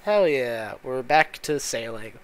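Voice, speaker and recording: A man's voice: medium pitch, animated, takes it slowly. A man hosting a casual gameplay commentary, muttering in frustration with lots of swearing as he plays. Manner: profane, exasperated muttering. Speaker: gaming channel host.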